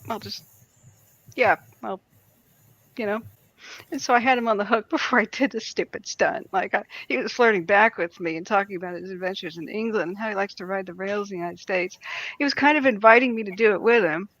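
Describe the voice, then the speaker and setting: A woman guest telling a story in casual chat, animated and laughing often as she talks. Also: medium pitch, fast, no echo.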